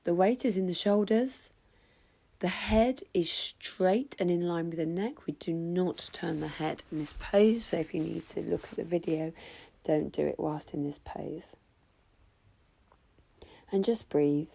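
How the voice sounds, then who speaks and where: A woman guiding a yoga class with calm, slow cues. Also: fairly low pitch, vocal fry. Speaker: yoga instructor. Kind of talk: guided yoga instruction.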